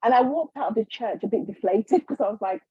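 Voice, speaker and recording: A woman guest, a healer, telling her story in a casual, animated way, acting out the voices of others. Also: on the high side, brisk, breathy edge, no echo, muffled recording. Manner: animated, acts out quotes, frequent restarts.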